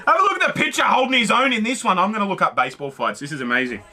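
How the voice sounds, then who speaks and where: A man, reacting excitedly to clips, swearing freely and calling out at the screen. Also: sits high, rapid-fire. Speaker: reaction video host. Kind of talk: casual reaction commentary.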